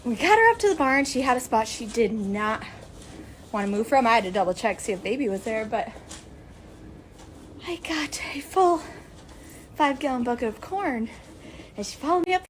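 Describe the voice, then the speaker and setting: A woman's voice: a little high, animated, moderate pace, pauses often, a little hiss or hum. A woman vlogging on her farm, chatting hopefully to viewers as she explains what she sees, filmed on a handheld phone. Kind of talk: casual explanatory vlog narration. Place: farm barn and pasture, outdoors.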